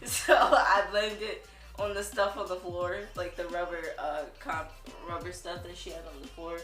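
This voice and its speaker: A woman's voice: fairly low pitch, fairly even intonation, fairly bright tone, faint music behind. Teenage girl, bossy laughing chat, distant from mic, roomy sound. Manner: bossy, quick, laughing interjections. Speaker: vlogger. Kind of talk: casual chat.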